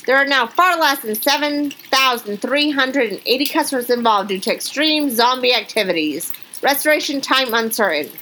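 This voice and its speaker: A woman co-hosts a casual podcast, reading out funny news stories and reacting with quick exclamations. Her voice is bright and sits a little high, with a faint hiss in the background. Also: poor audio. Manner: chatty, animated, reacts with exclamations. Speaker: podcast co-host.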